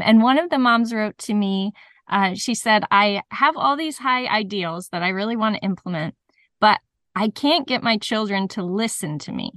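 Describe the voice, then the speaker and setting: A woman's voice: medium pitch, fairly bright tone, no echo, clean studio sound. A woman hosting a podcast, thanking her guest and reading out a listener's question. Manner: friendly, reads listener question. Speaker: podcast host. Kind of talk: interview questions.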